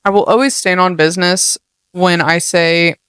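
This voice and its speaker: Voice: mid-range voice, fairly even intonation, moderate pace, fairly bright tone, smooth, dry recording, studio quality. A young adult podcast host giving a casual motivational monologue, blunt and heavily profane, full of streetwise slang.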